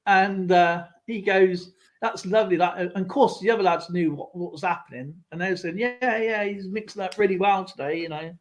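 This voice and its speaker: High-voiced man telling stories. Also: moderate pace. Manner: rambling, laughs, acts out others' voices. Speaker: live stream host. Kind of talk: casual storytelling chat.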